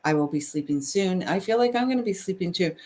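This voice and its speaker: A woman's voice: lowish voice, expressive, fast, darkish tone. A middle-aged Canadian woman with a Canadian accent, hosting a spiritual live stream in a soothing, chatty way and reading viewer comments aloud. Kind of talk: casual live-stream chat.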